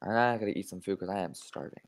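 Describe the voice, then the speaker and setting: A man's voice: sits low, fast talker. A young man hosting a casual podcast livestream from an unfinished home studio on a desk mic, brash and profane, rambling with lots of fillers. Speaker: podcast host.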